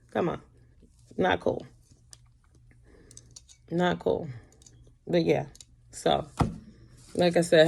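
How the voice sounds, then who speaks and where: Sassy, gravelly woman ranting at home. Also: deep voice, darkish tone. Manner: blunt, sassy, heavy cursing. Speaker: commentary vlogger. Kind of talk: profane rant to camera.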